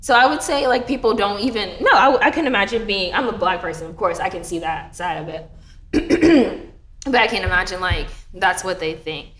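Woman, young adult, casual chat, animated, profane, echoey room. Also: mid-range voice, moderate pace. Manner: animated, swearing, lots of fillers.

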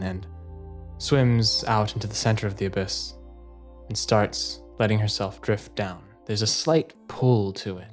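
A man's voice: lowish voice, steady tone, unhurried, soft background music. Laughing man narrating a tale. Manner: laughs often, narrates in a loose, rambling way. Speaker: storyteller. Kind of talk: improvised collaborative storytelling.

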